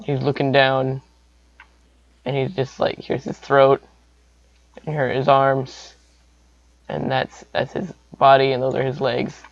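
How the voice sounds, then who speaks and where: A man's voice: mid-range voice, completely flat delivery, measured pace, creaky, pauses often, no room sound, muffled recording. A young man rambling through an improvised comic story, full of silly sound effects.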